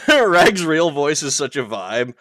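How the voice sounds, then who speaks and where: A man's voice: fairly high pitch, very animated, slow, a bit bright, no echo, studio quality. A man streaming live in a playful, teasing way, reading chat aloud and laughing often.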